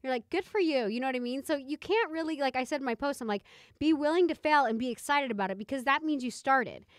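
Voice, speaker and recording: A woman co-hosting a podcast in casual chat, telling stories in an animated way and acting out quoted lines. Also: high-pitched, fast, no echo, studio quality. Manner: animated storytelling with quoted voices. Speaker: podcast co-host.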